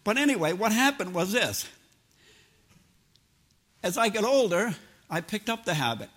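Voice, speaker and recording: Older guy preaching, high voice, folksy and plain-talking, tells stories from his life. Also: very animated, moderate pace, fairly bright tone. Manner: homespun, plain-spoken, drops into everyday grammar. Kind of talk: folksy sermon with personal stories.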